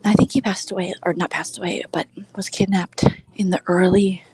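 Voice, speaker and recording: A woman in her forties from Minnesota, chatting casually on a live stream as she walks through a big store, often hushed to a near whisper. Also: fairly low pitch, level tone, moderate pace, slightly rough. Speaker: vlogger host.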